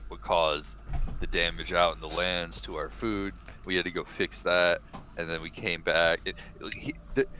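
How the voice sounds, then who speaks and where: Lower, bright-voiced male player. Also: slight background noise, low-quality recording. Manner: hesitant, restarting, persuading. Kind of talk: casual chat.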